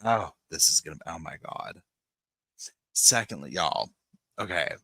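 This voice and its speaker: Deep-voiced, bright, chatty man. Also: expressive, unhurried, breathy edge, no room sound. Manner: rambling, chatty, lots of "like" fillers, greets chatters by name. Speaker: podcast host. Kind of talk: casual live-stream chat with viewers. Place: home, on a sofa with dogs nearby.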